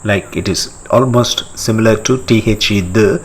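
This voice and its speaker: A man teaching a step-by-step language lesson, repeating each word slowly and quizzing the listener. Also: fairly low pitch, slight background noise, poor audio. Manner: slow, deliberate, repeats each word for practice; asks the listener questions and pauses for answers.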